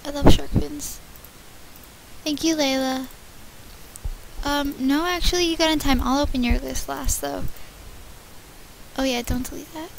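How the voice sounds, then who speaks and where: A high-pitched woman hosting a casual gift-opening vlog. She chats excitedly and thanks her viewers one by one, with a faint hiss behind her. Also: a little slow, vocal fry, pauses often, rough recording. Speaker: channel host.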